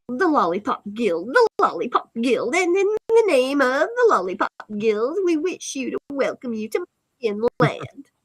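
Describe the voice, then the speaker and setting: A woman's voice: high-pitched, no room sound, low-quality recording. A woman hosting a casual live stream, reading viewer comments aloud in a giggly, playful, teasing way. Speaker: streamer host.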